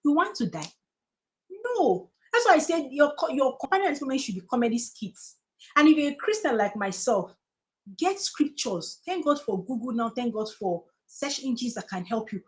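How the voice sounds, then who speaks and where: A woman's voice: high voice, very animated, normal speed, low-quality recording. Woman, Nigerian accent, earnest, preachy, live-stream talk, repeats lines for emphasis. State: tearful, close to crying.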